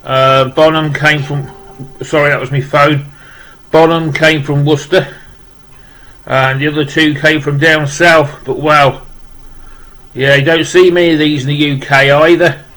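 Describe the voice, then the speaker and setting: A man's voice: a little high, little pitch movement, a little slow, long pauses, fairly bright tone, poor audio. Rambling man. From West Midlands, England. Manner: rambling, repeating "wow" and restarting with many fillers. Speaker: vlogger opening a parcel of rock music gifts. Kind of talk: casual unboxing chat.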